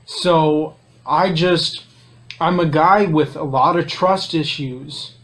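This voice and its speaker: A man's voice: fairly high pitch, slow, a bit bright. A man in an emotional confession, hesitant and self-critical, sighing between words. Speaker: guest.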